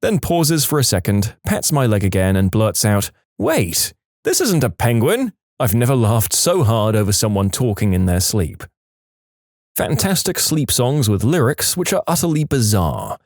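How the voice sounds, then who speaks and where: A man narrating reader-submitted stories in a scripted, expressive way, acting out the quoted lines with changing voices. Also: lowish voice, normal speed, no echo, clean studio sound. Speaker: storytime narrator.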